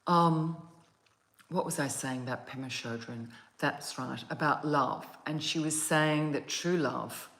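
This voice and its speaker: A woman hosting a meditation channel, chatting casually and gently to her viewers from home, with the odd yawn on a phone mic. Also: sits low, measured pace, reverberant. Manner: soft, gentle and meandering, with yawns. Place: at home, outdoors on a calm day.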